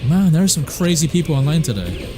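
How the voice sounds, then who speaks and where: A man's voice: on the high side, very animated, fast, over music. A man from southwest England with a West Country accent, chatting casually on a game stream and answering chat in a laid-back way. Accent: West Country English.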